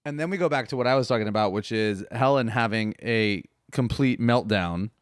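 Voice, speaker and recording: A man's voice: lowish voice, fairly quick, clean tone, dry recording, clean studio sound. Chatty, emphatic man in film talk. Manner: chatty, emphatic, swears casually. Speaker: podcast guest. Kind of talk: casual film discussion.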